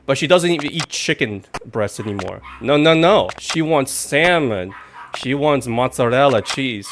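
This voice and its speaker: A man with a mid-range voice streams a game live, rambling casually and letting out sudden jumpy outbursts whenever he's startled. The recording carries a little hiss or hum.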